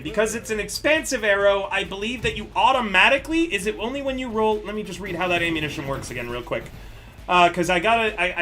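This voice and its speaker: Brief: male game master, high and very bright voice, laughs a lot while narrating. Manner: animated, laughs often between rules explanations. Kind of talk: running a tabletop game on a live stream.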